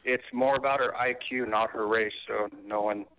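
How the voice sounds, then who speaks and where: Smooth-voiced male caller. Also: on the low side, fairly even intonation, moderate pace, a bit bright, no echo, low-quality recording. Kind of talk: telling a short joke.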